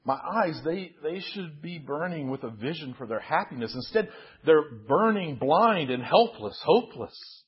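A man's voice: on the high side, expressive, moderate pace, slightly rough, lo-fi sound. A man voicing Moses as an anguished man who cries out in pain and shame, pleading in broken, repeated cries.

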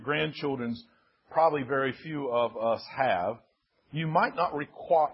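An older man with a slightly husky voice preaches a sermon, telling a story with gentle self-deprecating asides and small restarts. His pitch sits in an ordinary middle range. The recording sounds dull and lo-fi. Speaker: pastor.

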